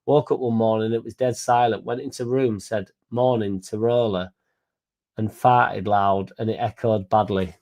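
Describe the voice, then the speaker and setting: A man's voice: fairly low pitch, steady tone, normal speed, a little mellow. A young man hosting a casual live stream, reading out comments, swearing freely and stumbling over names.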